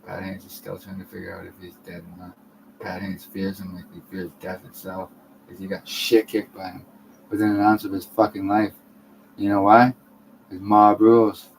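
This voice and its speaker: A man's voice: low voice, completely flat delivery, moderate pace, vocal fry, a little hiss or hum, rough recording. A man from Canada rambling profanely to camera, jumping from topic to topic.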